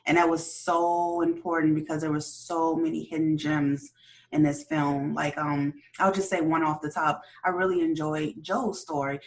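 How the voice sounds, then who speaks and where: A woman's voice: low-pitched, little pitch movement, moderate pace, far from the mic. A woman hosting a radio interview in a casual way, keeping up frequent short affirmations as the guests talk. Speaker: radio show host.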